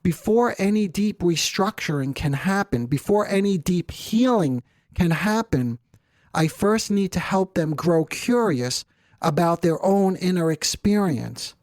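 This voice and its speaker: A middle-aged male therapist giving an educational talk in a measured, explanatory way with rhetorical asides. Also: high voice, expressive, darkish tone, no echo. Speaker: therapist host.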